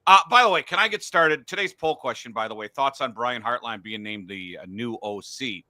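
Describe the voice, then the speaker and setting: A man's voice: mid-range voice, lively intonation, fairly quick, bright, forceful tone, no echo. A middle-aged man hosting a casual sports podcast from a home studio, blunt and profane when he rants. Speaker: podcast host.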